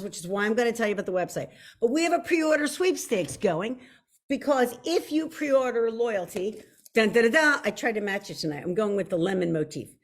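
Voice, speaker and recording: A woman with a Philadelphia accent, an author hosting her own video show, chatting effusively to viewers with many restarts and repeated words like "very, very.". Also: fairly high pitch. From Philadelphia area. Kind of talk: casual chat to viewers.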